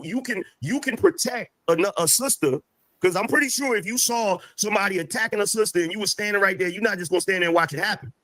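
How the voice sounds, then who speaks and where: High-pitched man, argumentative guest, stammers and restarts, dry sound. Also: fairly bright tone, no room sound, poor audio. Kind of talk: heated debate.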